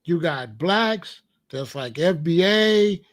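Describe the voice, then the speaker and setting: A man from the United States hosting a casual monologue, telling stories in an emphatic, profane, animated way. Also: on the high side, slow pace. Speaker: commentary host.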